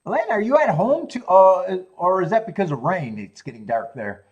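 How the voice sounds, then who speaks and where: A man's voice: high-pitched, big pitch swings, fairly quick, highs cut off. A man hosting a live horse racing stream, musing aloud about betting odds and chatting casually with his viewers. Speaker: horse racing show host.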